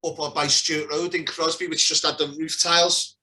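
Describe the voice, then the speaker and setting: A man's voice: on the high side, flat delivery, a little fast, pushed and bright. A man with a Liverpool accent in casual podcast chat, blunt and sweary, trailing off with "and that".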